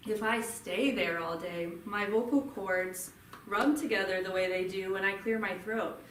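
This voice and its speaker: A woman's voice: medium pitch, a little slow, fairly bright tone, slight background noise. A woman speech therapist leading a group voice workshop, demonstrating hums and explaining the vocal cords in a friendly way. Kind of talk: live workshop instruction. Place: room with a group. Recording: roomy, from a distance, faint ambience.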